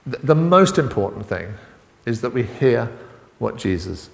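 A middle-aged man preaching an informal sermon, halting and full of restarts and asides as he talks with the congregation. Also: medium pitch, very animated, gravelly. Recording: long reverb in a hall.

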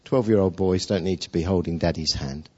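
Man preaching a sermon like he's chatting, lots of questions, husky and a bit muffled. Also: low-pitched, brisk. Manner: conversational storytelling, with rhetorical questions. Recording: dull lo-fi sound.

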